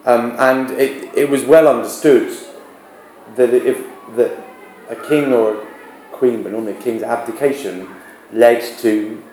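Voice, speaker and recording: A man's voice: medium pitch, steady tone, measured pace, a little mellow. A man teaching a classroom literature lesson, explaining patiently and asking rhetorical questions. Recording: echoey classroom with background noise.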